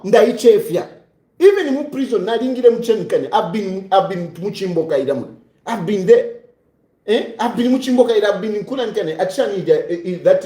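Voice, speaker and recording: A Zambian man giving a ranting commentary, scolding and repeating himself and rising to shouts. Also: very high-pitched, reverberant.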